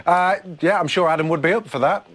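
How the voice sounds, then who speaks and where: A man hosting a phone-in show, cheeky and camp, with quick comic asides. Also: fairly high pitch, fairly bright tone.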